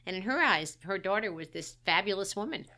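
A woman's voice: medium pitch, animated, brisk, pushed and bright. A middle-aged woman, a guest, recounting a personal story in a candid, wry, self-deprecating way.

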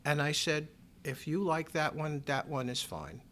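A middle-aged man in an interview, telling a personal story in a measured, wry way, raising his pitch to act out other people's lines. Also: lively intonation, a bit bright, a little hiss or hum.

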